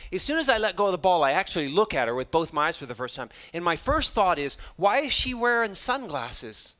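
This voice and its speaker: A man giving a motivational talk to students, telling stories in an animated way and acting out the dialogue with self-deprecating humor. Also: sits high. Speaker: motivational speaker. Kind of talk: storytelling keynote talk to students.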